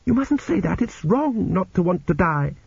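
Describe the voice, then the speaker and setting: A man reading an audiobook voices a timid, dutiful young woman prisoner who speaks in a hushed, fearful way. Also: high-pitched, sing-song, moderate pace, gravelly, husky, no room sound, pitched above the performer's own voice, exaggerated voice. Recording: dull lo-fi audiobook recording.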